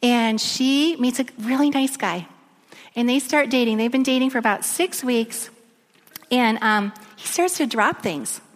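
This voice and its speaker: Woman, sermon, storytelling, soft near-whisper at times, reverberant hall. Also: fairly high pitch, measured pace. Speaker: speaker. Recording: echoey long reverb of a large room.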